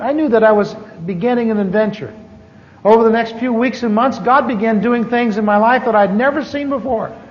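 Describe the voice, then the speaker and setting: A middle-aged man preaching a personal testimony, candid and storytelling, with wry asides. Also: sits high. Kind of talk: testimony sermon. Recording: dull archive recording with long hall reverb.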